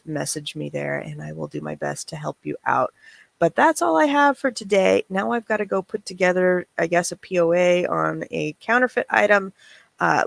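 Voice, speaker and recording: Chatty middle-aged woman, bit of vocal fry, dry close mic, laughs off weird messages. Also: lowish voice, fairly bright tone, dry recording. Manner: chatty, wry, reading messages aloud. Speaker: reseller channel host. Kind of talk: casual livestream chat.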